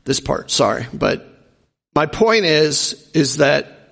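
A man's voice: a little high, sing-song, slow pace, creaky, fairly bright tone, long reverb tail. A man giving an informal, conversational sermon with jokey asides and acted-out quotes. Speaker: preacher.

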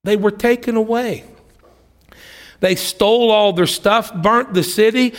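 A man delivers a sermon in a church, retelling a story with voices acted out. He rises into excited, higher passages and drops to hushed ones. His voice sits a bit high and rings through a long hall reverb. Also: a little slow. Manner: animated storytelling, acts out voices, swings from loud to hushed. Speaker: preacher. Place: church sanctuary.

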